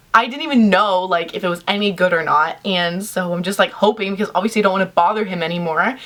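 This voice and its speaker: Chatty young woman vlogger. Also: medium pitch. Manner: chatty, animated, heavy use of "like". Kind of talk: casual storytelling to camera.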